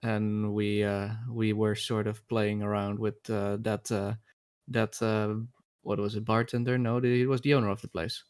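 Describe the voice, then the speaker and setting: A man playing a tabletop game over a voice call, talking casually with many pauses. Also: fairly low pitch, flat delivery, a little mellow, clean tone, no room sound, studio quality. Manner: hesitant, many fillers. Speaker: player.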